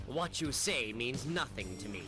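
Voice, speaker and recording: A man voicing a smug, calculating male pirate captain in an English-dubbed fighting game, condescending and smooth. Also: medium pitch, lively intonation, unhurried, close to an everyday voice. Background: game music.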